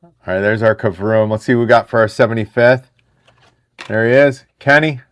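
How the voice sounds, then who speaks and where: A man in his thirties hosting a live card break stream, chatting excitedly with viewers in the chat. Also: lowish voice, normal speed, clear, resonant tone.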